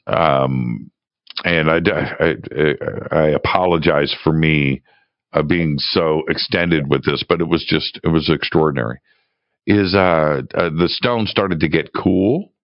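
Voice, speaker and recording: A man telling a personal story in a casual, halting way, often repeating words and restarting. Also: sits low, dry recording, highs cut off. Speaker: guest telling a travel story.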